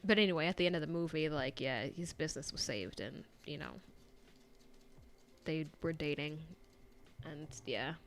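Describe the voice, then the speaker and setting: A woman's voice: low-pitched, moderate pace. A young American woman chatting casually and rambling with many fillers while she paints at home on a stand microphone. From United States. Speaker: painting vlogger. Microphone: desk microphone on a stand.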